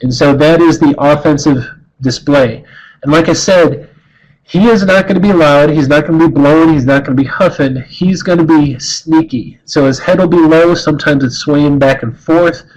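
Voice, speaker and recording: Earnest man explaining, slightly high voice. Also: moderate pace, a little mellow, rough recording. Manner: earnest, conversational, frequent restarts and repeated words. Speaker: wildlife educator. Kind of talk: informal talk on bear behavior.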